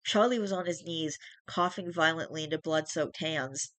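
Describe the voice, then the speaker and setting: A streamer reading a first-person horror story aloud in steady narration, with small restarts. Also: medium pitch, moderate pace, dry recording.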